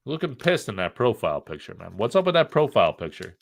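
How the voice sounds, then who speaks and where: A man's voice: fairly low pitch, sing-song, fast, creaky. A middle-aged man from the United States hosting a casual live stream, joking, rambling and reading the chat aloud.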